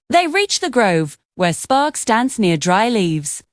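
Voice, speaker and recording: A woman reading scripted narration for a children's cartoon story in an expressive storytelling manner. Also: on the high side, takes it slowly, no echo, clean studio sound.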